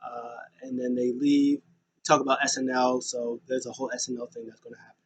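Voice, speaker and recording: A man talks through last night's wrestling in a loose, rambling way, full of ums and uhs. His pitch sits in an ordinary middle range. A faint hiss of background noise runs under the voice. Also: little pitch movement, low-quality recording. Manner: rambling, filler-heavy retelling with quick voiced asides. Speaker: wrestling show recap host. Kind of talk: casual recap of a wrestling show.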